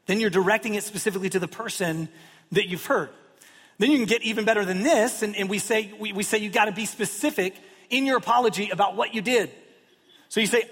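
Pastor guy preaching, fairly high voice, chatty and jokey, big echo of the church hall around him. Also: fairly quick, a bit bright, slightly rough. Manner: conversational, self-deprecating humor with acted-out quotes. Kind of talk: sermon. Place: church sanctuary. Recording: long hall reverb.

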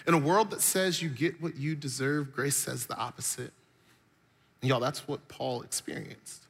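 A man's voice: medium pitch, moderate pace, fairly bright tone, husky. A man preaching a sermon, telling stories with animation and building his points through repetition. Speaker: pastor.

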